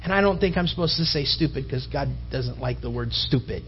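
A man preaching a sermon in an animated, mocking way, building to emphatic appeals. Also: medium pitch, fairly quick, husky, dull audio, faint music behind. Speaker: pastor.

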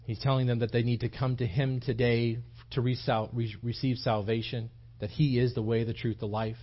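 A pastor's sermon in a small church comes through muffled, his medium-pitched voice flat and moderately paced. He builds each point through earnest, emphatic repetition, frequently starting his sentences over.

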